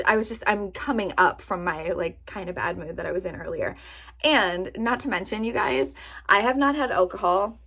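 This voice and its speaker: A woman chatting casually to her camera in a vlog, animated and self-mocking, laughing at her own jokes. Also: medium pitch. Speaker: vlogger. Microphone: camera-mounted or nearby mic, sitting to film.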